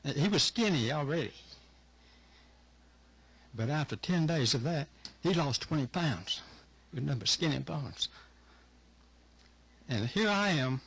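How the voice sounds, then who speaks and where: An older man gives testimony in a hearing room, his voice husky and pitched a little high. He speaks earnestly and haltingly, stopping to collect himself as he tells his story. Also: animated, a bit bright. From Georgia, USA. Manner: earnest, halting, emotional retelling. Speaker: witness testifying at a legislative hearing. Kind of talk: public testimony.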